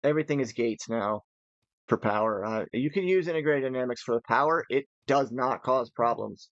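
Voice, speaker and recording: A man's voice: mid-range voice, moderate pace, no room sound, dull audio. A tired man giving casual, rambling commentary while playing a modded building game, thinking aloud as he goes. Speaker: gaming channel host.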